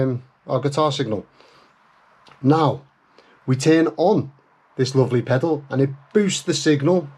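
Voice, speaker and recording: A man's voice: medium pitch, darkish tone. Chatty man explaining pedal mods. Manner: chatty, self-deprecating, with many fillers and restarts. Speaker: guitar pedal modder. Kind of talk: casual workshop tutorial.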